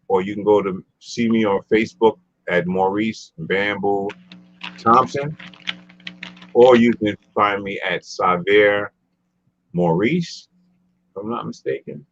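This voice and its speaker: A man's voice: on the low side, fairly even intonation, slow, no echo, dull audio. A man hosting a casual talk show, rambling and laid-back, often repeating himself. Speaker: show host.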